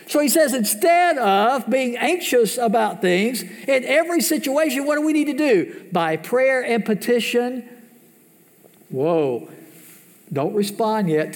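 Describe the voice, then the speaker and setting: A man preaching a sermon as pastor, asking the congregation questions and swinging between loud, high emphasis and hushed, low asides. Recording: long hall reverb.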